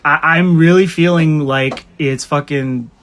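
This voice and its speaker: Male co-host, a touch high-pitched, profane and rambling. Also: steady tone, unhurried, fairly bright tone. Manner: rambling, swears, fired-up rants. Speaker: podcast co-host. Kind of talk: casual chat.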